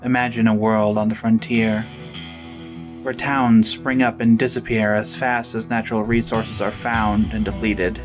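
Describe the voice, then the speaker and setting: Man narrating dramatically over guitar music. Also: mid-range voice. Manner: measured, dramatic storytelling. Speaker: game master and podcast host.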